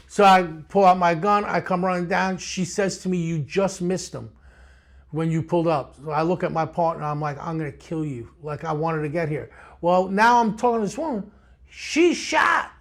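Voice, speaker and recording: Gravelly blunt New man, older. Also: fairly high pitch. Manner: streetwise, blunt, animated storyteller. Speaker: retired police detective. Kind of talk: storytelling interview.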